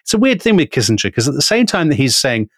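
A British man co-hosting a podcast, telling a history story in an animated way. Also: fairly high pitch, fast, no echo. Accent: British English. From Britain. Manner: animated, storytelling, quotes figures with emphasis. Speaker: podcast co-host.

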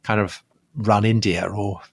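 A man's voice: fairly low pitch, steady tone, unhurried, vocal fry. A man co-hosting a history discussion, adding wry conversational asides. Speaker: podcast co-host.

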